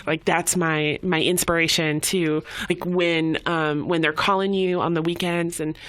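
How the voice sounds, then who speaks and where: A woman guest on a podcast, telling a story in a casual, animated way and acting out quoted voices, with many fillers and restarts. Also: fairly low pitch, a little slow, no echo. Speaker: program volunteer guest.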